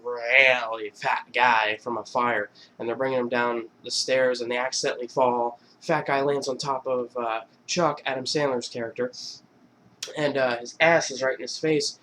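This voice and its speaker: A man's voice: medium pitch, steady tone, moderate pace, pushed and bright, a little hiss or hum. A man vlogger casually retelling funny film scenes, rambling with many fillers and laughing between lines. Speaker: YouTube vlogger.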